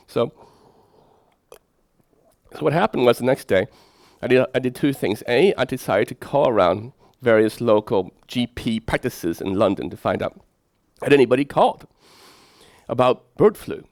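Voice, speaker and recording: A middle-aged man, giving a lecture as a professor, telling lively anecdotes and putting rhetorical questions to his audience. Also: mid-range voice, moderate pace, no echo, studio quality. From Sweden.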